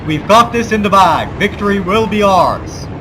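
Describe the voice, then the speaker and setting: A Balkan man puts on a forced American accent to narrate his gameplay, mixing mock-grandiose war speeches with wry asides. His voice is high and expressive at a normal speed. Loud game sounds, game ambience and vehicle noise sit under him.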